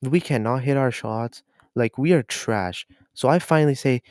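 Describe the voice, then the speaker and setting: A teenage boy records a casual storytime voice-over for a gameplay video. He is chatty and swears freely, leaning on "so basically" as he goes. His voice sits at an ordinary pitch and sounds dry and close to the mic. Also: moderate pace, a little mellow, dry recording. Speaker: storytime YouTuber.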